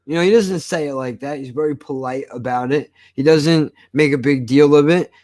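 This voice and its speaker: Male reviewer, loose vlog rant, heavy swearing, lively storytelling. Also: on the high side, a little fast, few pauses. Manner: swears constantly, animated storytelling. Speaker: show reviewer. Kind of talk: casual profane rant.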